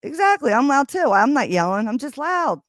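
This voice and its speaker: A woman hosting a livestream, chatting casually with viewers in a loud, animated way and swearing freely, recorded on a streaming microphone. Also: sits high, moderate pace, dry recording. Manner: loud and animated when excited. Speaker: livestream host.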